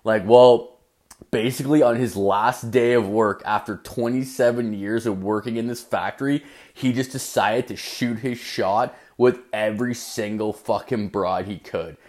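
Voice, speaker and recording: A man's voice: lowish voice, fairly even intonation, a little slow, darkish tone. A young man telling a personal story in a casual, rambling way, swearing constantly and filling his sentences with "like".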